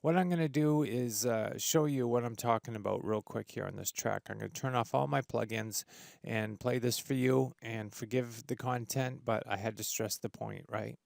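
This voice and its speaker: Gravelly-voiced man explaining audio software. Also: mid-range voice, moderate pace, no room sound, clean studio sound. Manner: casual, enthusiastic, lots of fillers and restarts. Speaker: audio tutorial host. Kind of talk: screen-recorded software tutorial. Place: home studio with treated room.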